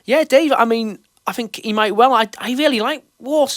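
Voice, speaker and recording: A man's voice: high voice, animated, moderate pace, a bit bright, no room sound, studio quality. A man hosting a fan show in casual chat, reading out questions and reassuring listeners. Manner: chatty and reassuring, with loose restarts. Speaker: podcast host.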